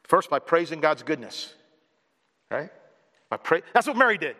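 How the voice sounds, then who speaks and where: A male pastor delivers an energetic sermon, hammering phrases over and over and slipping in jokes. His voice sits high, and it rings through a big hall with a long echo. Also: moderate pace. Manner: energetic, repetitive and joking.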